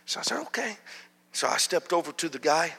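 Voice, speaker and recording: A male pastor telling a story in a sermon, animated, acting out shouts and whispers. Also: on the high side, quick pace, gravelly, slightly rough. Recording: long hall reverb.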